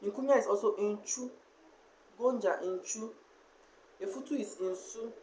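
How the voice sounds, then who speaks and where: A man teaching a language lesson, slowly sounding out and repeating each syllable and word. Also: high-pitched, a little mellow. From Ghana. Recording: echoey room.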